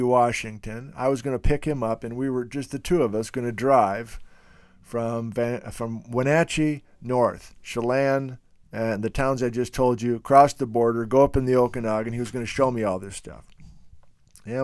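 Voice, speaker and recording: Guy doing a casual geology talk, fired up and opinionated, middle pitch, dry close sound. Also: no room sound. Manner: emphatic, animated, opinionated. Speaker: host.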